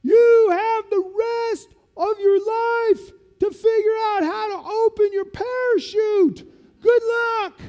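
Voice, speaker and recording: A man voicing a gruff, teasing male master sergeant who barks orders at a jumper and laughs at him. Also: very high voice, slow pace, warm tone, big-room sound, muffled recording, voice pushed up, exaggerated voice. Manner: barking orders, mocking and laughing.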